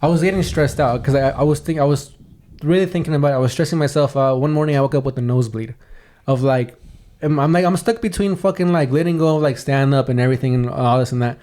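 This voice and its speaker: A man's voice: mid-range voice, fast, mellow. A young man telling a long personal story on a podcast, casual and rambling, swearing often and restarting his sentences. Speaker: podcast host.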